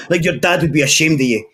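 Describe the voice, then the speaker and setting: A man's voice: on the high side, a bit bright, a little hiss or hum. A young Scottish man telling crude stories in a casual chat, swearing freely and laughing often. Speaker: podcast regular.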